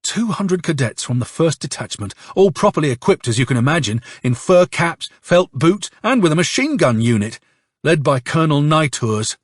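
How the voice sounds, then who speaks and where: A man reading an audiobook, playing a hoarse, bitter young officer who tells his story with curses and sarcasm. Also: a little high, sing-song, normal speed, no room sound, clean studio sound. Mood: angry storytelling. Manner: angry, sardonic storytelling with curses. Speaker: audiobook narrator.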